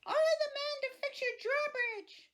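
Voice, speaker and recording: A woman voicing a clumsy, good-hearted male monster in a squeaky, eager voice. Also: steady tone, measured pace, a bit bright. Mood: flustered.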